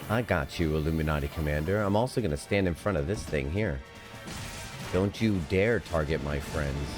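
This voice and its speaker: Giggly low-voiced man streaming a game. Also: animated, moderate pace, over music. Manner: chatty, giggly, talks to chat and teammates. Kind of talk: live gameplay commentary.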